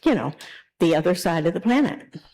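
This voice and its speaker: A woman minister giving a sermon in a conversational, animated storytelling way. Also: lowish voice, fairly quick, rough recording.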